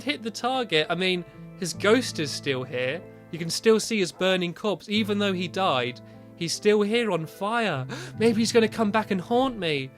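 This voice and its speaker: A man giving casual Minecraft let's-play commentary, excitable, breaking into yelps and squeals when panicked. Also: high-pitched, normal speed, faint music behind. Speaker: gaming video host.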